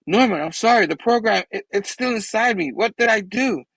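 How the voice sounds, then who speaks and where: A man's voice: high voice, expressive, fairly quick, fairly bright tone, breathy edge, no room sound, voice pushed up, exaggerated voice. A man doing an earnest young hero, urgent. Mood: distraught. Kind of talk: comic book retelling.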